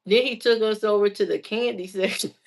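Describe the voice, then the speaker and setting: A woman's voice: medium pitch, steady tone, a little fast, vocal fry. An adult woman telling stories in a casual, chatty way, laughing often as she goes. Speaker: vlogger. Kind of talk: casual storytelling.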